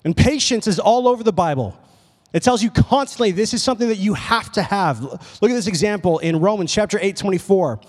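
A young man preaching a casual, animated sermon, telling stories with lots of "like"s. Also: high-pitched, brisk, husky. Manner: casual, animated storytelling with many "like"s. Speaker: pastor. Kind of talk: youth sermon. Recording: long reverb of a hall.

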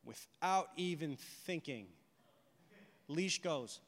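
High, bright-voiced preacher man. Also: normal speed, in a large hall. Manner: animated storytelling with rhetorical questions. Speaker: pastor. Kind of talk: sermon.

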